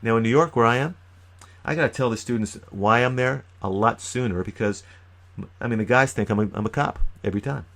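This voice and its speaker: A man giving an animated, emphatic youth ministry training talk, with sudden loud bursts. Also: mid-range voice, a little fast. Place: lives in New York.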